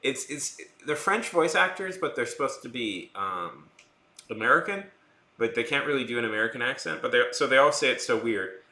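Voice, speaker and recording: A young man chats loosely with his live stream audience, rambling from one joke to the next and often restarting his sentences. His voice is strikingly bright and sharp, with a very animated, swooping pitch. The room adds a clear echo around him. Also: brisk. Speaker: art streamer. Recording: roomy echo.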